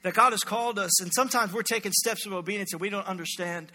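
Male pastor, high and very bright, playful animated sermon, long hall reverb. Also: fast talker. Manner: animated, joking, voices characters in quotes. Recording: echoey hall.

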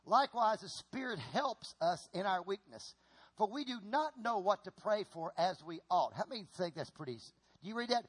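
Male pastor, middle-aged, fervent sermon delivery, high and very expressive voice. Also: normal speed, husky. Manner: animated preaching, repeats himself, asks the congregation to respond.

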